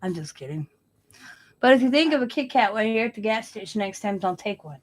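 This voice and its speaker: A woman's voice: mid-range voice, expressive, a little fast. A woman hosting a casual crafting vlog, chatting and joking as she works at her craft table. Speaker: craft channel host.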